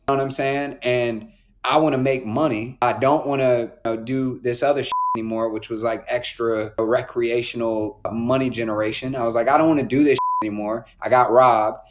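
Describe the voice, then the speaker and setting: A man in his twenties from North Carolina, a podcast guest telling stories in a relaxed, slangy way with plenty of "like" and "bro". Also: medium pitch. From Raleigh, North Carolina. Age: 20s. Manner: laid-back slang, frequent "like" and "bro". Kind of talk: casual storytelling.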